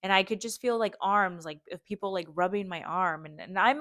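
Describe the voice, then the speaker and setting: A woman's voice: fairly low pitch, a little fast, hardly any pauses, fairly bright tone, dry recording, studio quality. A young woman hosting a podcast, telling a personal story in a heartfelt, rambling way with many fillers and restarts. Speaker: podcast host.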